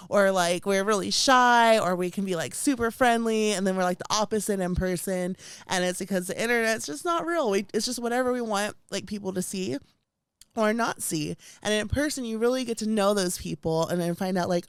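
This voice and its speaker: A young woman co-hosting a casual podcast, telling an animated story full of "like"s and laughter. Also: medium pitch, normal speed, clear, resonant tone, no room sound. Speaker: podcast co-host. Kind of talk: casual chat.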